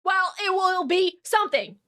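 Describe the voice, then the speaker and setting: A woman's voice: extremely high pitch, animated, normal speed, bright, forceful tone. A woman playing a tabletop game, chatting casually and eagerly, full of questions. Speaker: player. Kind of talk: casual chat.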